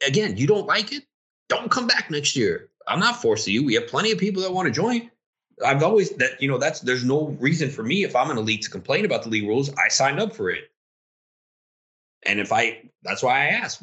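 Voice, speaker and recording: A man's voice: mid-range voice, sharp tone. A young man co-hosting a casual podcast chat, ranting heatedly as a league commissioner.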